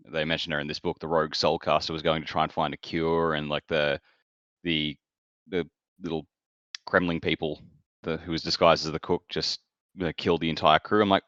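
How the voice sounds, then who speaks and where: Deep-voiced man chatting. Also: level tone, fairly quick, fairly bright tone, no room sound, dull audio. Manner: rambling, self-correcting. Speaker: podcast co-host. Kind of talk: casual chat.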